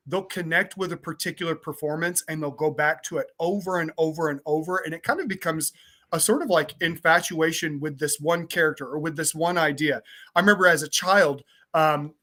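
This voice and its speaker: Guy from southern illinois hosting, bright tense voice, long winding questions. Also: a little high. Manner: long, rambling, considered questions. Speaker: host. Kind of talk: interview questions.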